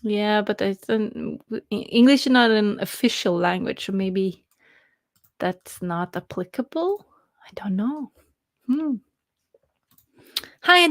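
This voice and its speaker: Slow-talking chatty woman streamer. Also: fairly high pitch, animated, no echo, studio quality. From Norway. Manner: chatty, reads chat aloud, laughs often, hesitant fillers. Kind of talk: casual live-stream chat.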